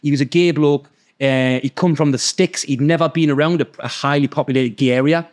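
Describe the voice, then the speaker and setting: A man with a Geordie accent, hosting a podcast and telling a story in a sweary, animated way. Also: fairly high pitch, brisk. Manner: sweary, animated, acts out the people in his stories. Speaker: podcast host. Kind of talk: casual storytelling.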